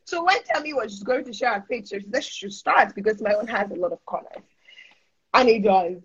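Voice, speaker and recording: A woman's voice: medium pitch, a little fast, fairly bright tone, breathy edge. A woman with a Nigerian accent, co-hosting a casual faith chat on a livestream, chatty and playful. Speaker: co-host. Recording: dull lo-fi livestream audio.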